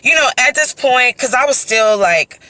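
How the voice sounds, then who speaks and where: A young woman, chatty and animated, tells a story into her phone while walking outdoors. Her voice is bright and forward. The sound is close and dry. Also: high voice, normal speed, no room sound. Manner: animated, conversational, heavy use of fillers like "you know" and "right?". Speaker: vlogger telling her birth story. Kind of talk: casual storytime monologue. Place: outdoors, on a walk.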